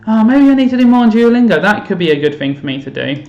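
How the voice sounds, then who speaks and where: A man's voice: high-pitched, very animated, quick pace, echoey room, muffled recording. A man chatting casually on a live stream while playing a game, self-mocking and thinking aloud to his viewers. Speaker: teacher streaming to students. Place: home room.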